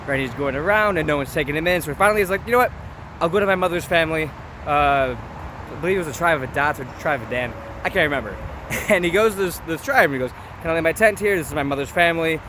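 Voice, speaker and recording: Chatty young man, traffic noise behind. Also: on the high side. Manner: informal, chatty, keeps asking "right?". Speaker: vlogger. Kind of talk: casual commentary on scripture.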